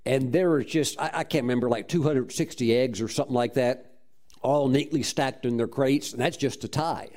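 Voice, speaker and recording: A man preacher telling a story in a sermon, in an animated style with laughs and whoops between its beats. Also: medium pitch, moderate pace.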